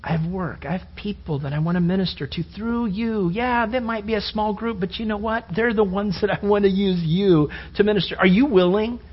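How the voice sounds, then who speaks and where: A man preaching, voicing God as firm, hushed and commanding, on a dull lo-fi recording. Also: high voice, steady tone, moderate pace, few pauses. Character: God speaking to a prophet, firm and fatherly.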